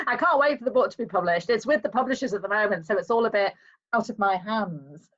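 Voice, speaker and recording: A woman with a soft Liverpool accent, a guest author chatting casually on a podcast in an upbeat way and laughing often. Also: medium pitch, animated, a little fast, lo-fi sound. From England.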